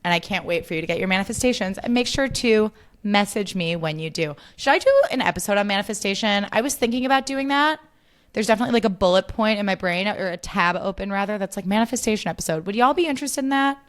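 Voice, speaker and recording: A woman's voice: mid-range voice, expressive, fast talker. Bubbly, swearing young woman podcaster. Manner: bubbly, chatty, swears freely, lots of "like". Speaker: podcast host. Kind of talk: casual solo podcast chat.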